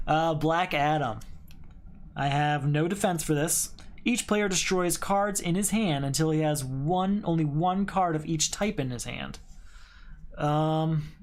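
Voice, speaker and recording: A man playing a solo card game, thinking aloud as he reads card text and counts points in a casual play-through. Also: a little high.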